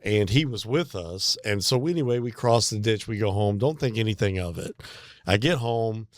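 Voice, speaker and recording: A man's voice: fairly low pitch, expressive, moderate pace, dry recording, clean studio sound. Middle-aged man rambling through a story. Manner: rambling, laughing storyteller with many fillers. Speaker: podcast co-host. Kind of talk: casual storytelling chat.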